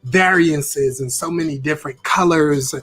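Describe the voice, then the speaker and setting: Husky guy running a live stream class, hyped, keeps repeating stuff and reading chat. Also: on the high side, a little slow, fairly bright tone. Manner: upbeat, repeats phrases, reacts to viewer comments. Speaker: author and creativity teacher.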